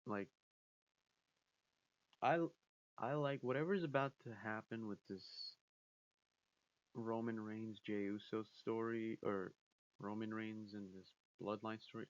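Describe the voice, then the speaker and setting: A man's voice: on the low side, steady tone, slow, long pauses, highs cut off. A man giving casual spoken commentary as a vlogger, rambling with restarts and acting out quotes.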